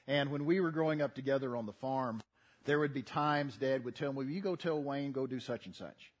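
A man's voice: medium pitch, a little fast. An older man preaching a sermon, folksy and earnest, building to emphatic repetition. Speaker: pastor.

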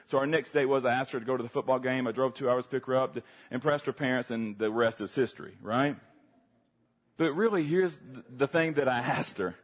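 A man with a Southern accent preaching a sermon, telling a funny personal story with lively acted-out moments. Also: mid-range voice, brisk. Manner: animated, humorous storyteller, acts out his younger self.

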